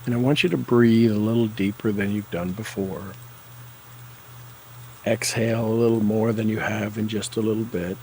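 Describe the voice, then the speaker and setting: A man leading a guided tapping session, calling out tapping points and repeating affirmations with slow, deliberate coaching cues. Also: lowish voice, fairly even intonation, darkish tone, slight background noise, rough recording.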